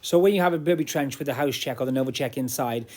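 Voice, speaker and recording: A man's voice: mid-range voice, racing, a little mellow. A young man chatting playfully about thrift finds for a vlog, joking and filling his talk with "like". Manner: jokey and playful, with many fillers. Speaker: secondhand clothing reseller. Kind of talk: casual thrifting vlog chat.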